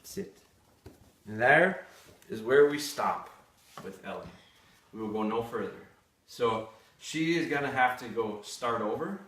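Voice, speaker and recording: A man's voice: fairly low pitch, sharp tone. A man running a live dog training demonstration, giving short firm commands to his dog between explanations. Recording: distant mic, roomy echo, faint noise.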